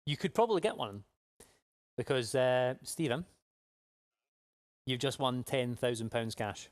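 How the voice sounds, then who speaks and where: A man's voice: medium pitch, expressive, unhurried, no echo. A man hosting a live prize draw, chatty, upbeat and jokey. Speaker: giveaway live draw host. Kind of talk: casual live-stream chat.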